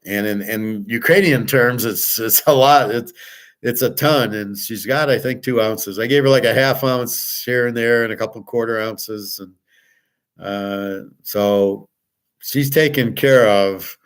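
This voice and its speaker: A man's voice: mid-range voice, a little slow. An older man hosting a show, talking in a rambling, blunt personal monologue with frequent profanity. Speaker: show host.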